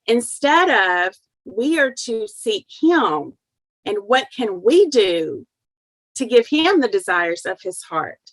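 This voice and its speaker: A woman's voice: a little high, very animated, takes it slowly, no echo, rough recording. Middle-aged woman, interview guest, heartfelt earnest storytelling, dry close sound. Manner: earnest and heartfelt, retelling family dialogue.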